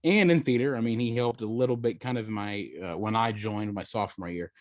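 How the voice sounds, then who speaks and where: Relaxed man reminiscing, dry sound. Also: lowish voice, a little fast, no echo. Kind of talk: casual chat, reminiscing.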